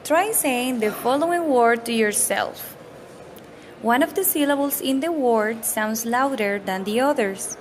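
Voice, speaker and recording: A woman reading a scripted pronunciation lesson in a measured, explanatory way. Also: fairly high pitch, slight background noise, poor audio. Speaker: pronunciation teacher. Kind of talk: scripted instructional narration.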